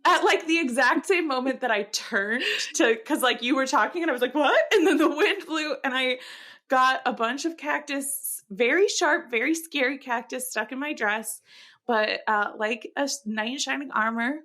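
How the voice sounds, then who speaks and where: A woman's voice: sits high, sharp tone. A woman from Minnesota co-hosting a podcast, chatting in a giggly, playful way. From Minnesota, USA. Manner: giggly, playful, quick asides. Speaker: podcast co-host. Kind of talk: casual chat.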